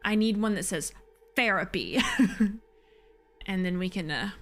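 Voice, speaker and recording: A woman's voice: mid-range voice, measured pace, faint music behind. A woman streaming a video game, talking casually and animatedly, swearing freely. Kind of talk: casual let's-play commentary.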